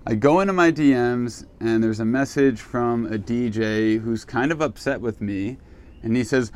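A man's voice: medium pitch, normal speed, darkish tone. A man giving a casual, reflective self-help monologue, candid and swearing freely. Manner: candid, swears casually, acts out his own reactions.

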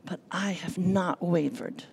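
A woman giving an earnest, emotional personal testimony from a church pulpit, telling her story with lively quoted dialogue. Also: on the low side, takes it slowly, creaky. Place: church sanctuary.

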